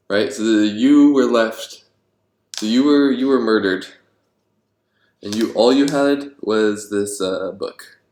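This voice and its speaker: A man designing board games and thinking aloud, rambling and getting excited about his ideas, with many ums. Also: lowish voice. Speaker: board game designer vlogger. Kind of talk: thinking aloud while brainstorming. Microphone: handheld camera. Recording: echoey room.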